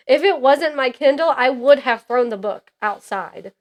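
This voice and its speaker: Lady podcast cohost, highish voice, rants and laughs a lot. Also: a little slow, few pauses. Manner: animated, laughs often, ranting. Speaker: podcast co-host. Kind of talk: casual book chat.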